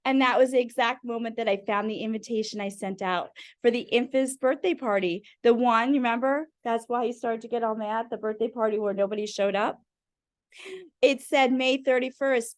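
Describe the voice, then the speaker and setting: Woman storyteller, high voice, dry close sound, talks straight to children. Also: fairly even intonation, normal speed, no room sound. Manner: friendly, addressing kids directly. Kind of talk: reading picture books aloud to children.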